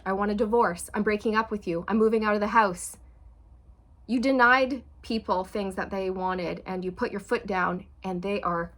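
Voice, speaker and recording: This woman's channeled tarot reading for viewers is talkative and full of expression. She performs quoted emotions with dramatic swings, then softens and lowers her voice for the heartfelt parts.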